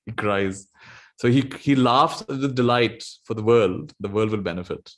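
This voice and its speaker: Guy telling buddha stories, lowish voice, chuckles a lot, gentle. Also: measured pace. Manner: gentle, laughs often while telling stories. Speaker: spiritual teacher. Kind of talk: storytelling dharma talk.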